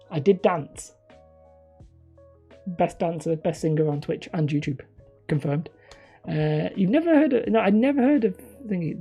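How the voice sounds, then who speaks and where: Woman, livestream host, gravelly, husky, rambling, self-deprecating chat. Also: on the low side, warm tone. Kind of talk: casual livestream chat, reading viewer comments.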